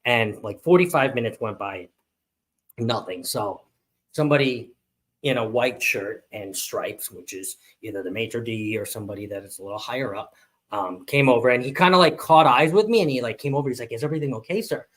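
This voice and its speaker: A man co-hosting a casual live chat, telling a story animatedly and acting out the people in it. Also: moderate pace. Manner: animated storyteller, acts out quotes in a high voice. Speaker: podcast co-host.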